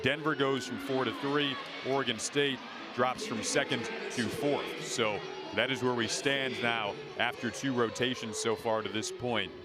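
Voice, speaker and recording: A man doing broadcast sports commentary in a brisk, informative way. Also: medium pitch, steady tone. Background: music.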